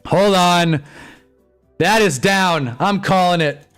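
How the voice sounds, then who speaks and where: Excitable high-voiced man streaming a game. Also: slow pace, smooth, soft background music. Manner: excitable, swings from glum to shouting joy. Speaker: live-stream host. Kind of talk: live game watch-along commentary.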